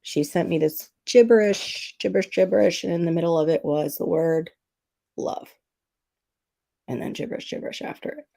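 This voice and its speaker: Middle-aged woman host, low gravelly voice, casual teary livestream chat. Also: moderate pace, warm tone. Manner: emotional, tearful storytelling, sniffling. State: teary, sniffling.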